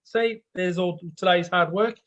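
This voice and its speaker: Aussie bloke hosting a live online show, slightly high voice, keeps saying okay. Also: male voice, fairly even intonation, a little slow, highs cut off. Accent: Australian. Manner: blokey, repeats "okay?" for emphasis. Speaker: host.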